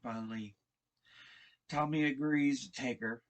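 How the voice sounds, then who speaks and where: A man casually retelling a TV episode, halting and repeating words as he restarts his sentences. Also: medium pitch, steady tone. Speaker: show recap vlogger.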